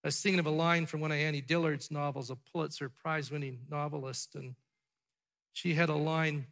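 Male pastor, slightly high and forceful, emphatic sermon delivery with rhetorical questions, hall reverb. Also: fairly even intonation, a little fast. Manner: emphatic, repeated rhetorical questions, swings from loud to hushed.

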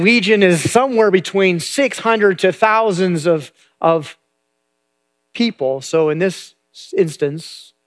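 A male pastor retelling a Bible story in a conversational sermon, often repeating words as he goes. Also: high voice.

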